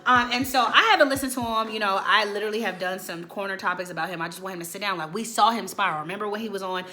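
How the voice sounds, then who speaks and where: Bright-voiced woman ranting on camera. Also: mid-range voice, rapid-fire, faint music behind. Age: late 20s. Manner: animated, opinionated, quotes people in put-on voices. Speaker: host. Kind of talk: casual video commentary.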